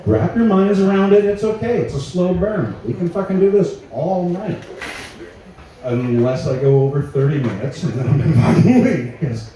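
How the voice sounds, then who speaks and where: Canadian guy doing stand-up, swears a lot, mellow dark voice, booming echo, mic far off. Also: expressive, moderate pace. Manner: profane, rambling, self-mocking. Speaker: stand-up comedian. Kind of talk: stand-up comedy set. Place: small live venue with crowd. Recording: echoey room, distant mic, faint ambience.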